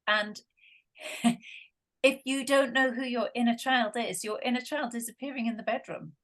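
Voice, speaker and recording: A woman's voice: on the high side, normal speed, fairly bright tone. A Scottish woman speaking as a coach in an interview, earnest and emphatic. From Scotland.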